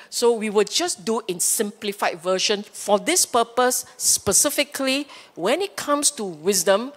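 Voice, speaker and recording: A woman with a Singaporean English accent giving a humorous, animated Dhamma talk, acting out inner voices and checking in with her listeners. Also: fairly high pitch. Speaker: Buddhist Dhamma teacher. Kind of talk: Dhamma talk to a live audience. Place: Buddhist temple hall.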